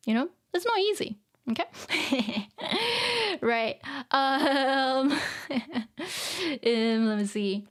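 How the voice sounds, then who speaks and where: A woman's voice: high-pitched, very animated, very slow, long pauses, fairly bright tone. A woman whose first language is Japanese, chatting casually on a live stream, reading out viewer comments, laughing often and using many fillers.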